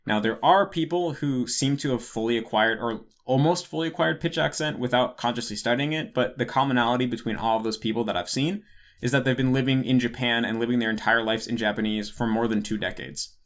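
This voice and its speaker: With a medium-pitched, fairly bright voice and a slightly fast pace, this young man rambles through a casual Q&A, answering questions from patrons. He keeps correcting himself and fills his speech with "like."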